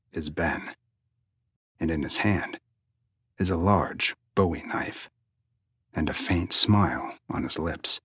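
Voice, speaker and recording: A male narrator reads a suspense story in a hushed, breathy voice that sinks near a whisper. His low tone has a bright, forward edge. The sound is close and dry. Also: no room sound.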